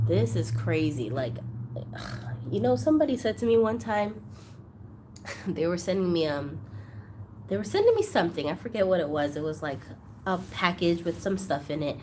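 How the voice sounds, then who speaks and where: Gushing, excitable woman unboxing dolls. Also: on the low side, moderate pace, background noise. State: emotional, close to tears. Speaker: doll collector channel host. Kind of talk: unboxing vlog chat.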